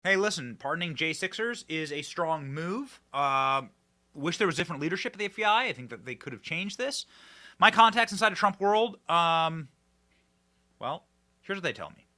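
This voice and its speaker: A male podcast host delivers political commentary in an emphatic, mocking way. His voice is a touch higher than most men's, and it swoops all over the place with a sharp, bright edge. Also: normal speed. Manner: animated, emphatic, mocking, repeats words.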